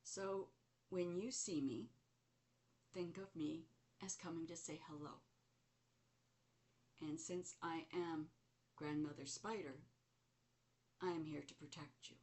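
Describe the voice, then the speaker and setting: A woman voicing a gentle, protective old female spider spirit who speaks calmly and patiently. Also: low-pitched, slow, pauses often. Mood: calm, reassuring. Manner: calm, reassuring, patient.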